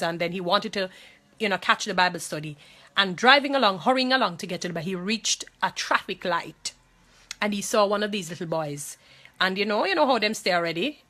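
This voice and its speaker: A woman's voice: mid-range voice, bright, forceful tone. A woman with a Jamaican accent, speaking to viewers in an impassioned monologue. She talks emphatically, repeats phrases and pleads, distressed and angry.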